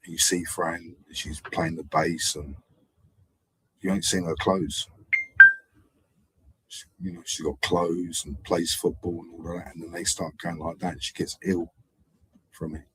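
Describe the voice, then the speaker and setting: A man drifts through a meandering live-stream monologue, circling back and repeating himself. His voice sits low and has a husky edge. The sound is dry and close. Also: level tone, unhurried, pauses often, a bit bright, no room sound, rough recording. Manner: digressive, hesitant, repeats himself. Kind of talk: rambling casual monologue.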